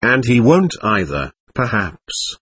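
A man's voice: medium pitch, big pitch swings, slow, fairly bright tone, husky, full character voice. A man reading the lines of a passionate, volatile young woman, proud and wounded, whose tone swings between tenderness and scorn. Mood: scornful.

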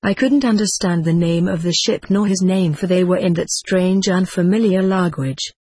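Breathy woman narrating a memoir. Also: fairly low pitch, moderate pace, darkish tone, no echo. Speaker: audiobook narrator. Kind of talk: first-person memoir narration.

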